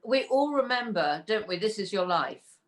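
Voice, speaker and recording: A woman's voice: mid-range voice, animated, moderate pace. A woman co-hosting an interview, appreciative and asking the guest questions. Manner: warmly appreciative, asks questions. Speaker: co-host. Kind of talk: interview chat.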